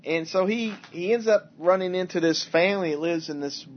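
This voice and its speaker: A man's voice: high voice, a little hiss or hum. A man casually chatting about movies as a podcast co-host, rambling and restarting often, recorded on a dull lo-fi setup. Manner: rambling, halting, many restarts and fillers. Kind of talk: casual chat.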